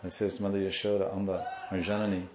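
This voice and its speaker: A man with a low voice tells devotional stories in a lecture, acting out the people in them. The recording is muffled and sounds roomy. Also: fast talker, a little hiss or hum. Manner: animated storyteller, acts out the people in his story. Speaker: spiritual teacher.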